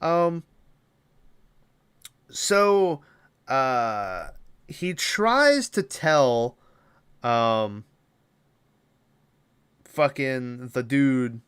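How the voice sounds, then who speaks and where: Man, podcast host, casual movie recap, profane and rambling, smooth clear voice, dry close sound. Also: medium pitch, sing-song, extremely slow, pauses often, a bit bright, no room sound. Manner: rambling, profane, filler-heavy retelling.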